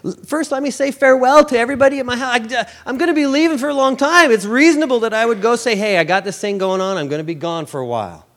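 A man voicing an eager would-be follower who pleads to go say goodbye first, rushed and pitched up. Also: fairly bright tone. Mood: pleading. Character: eager would-be male follower making excuses.

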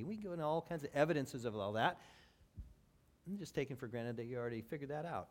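A man preaching a sermon, swinging between loud emphatic build-ups and low, quiet passages, with wry asides to the congregation. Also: expressive, fast. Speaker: pastor.

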